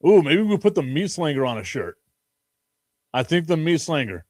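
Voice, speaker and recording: A man's voice: fairly high pitch, sing-song, moderate pace, a little mellow, no room sound, clean studio sound. A man hosting a casual sports talk stream, joking and rambling and laughing often. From Chicago. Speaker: sports talk show host.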